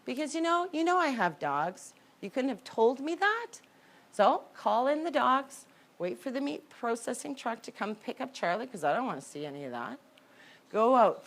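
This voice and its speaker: A woman telling a personal story in a candid, conversational way, with sudden jumps in pitch and loudness. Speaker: horse owner telling her story.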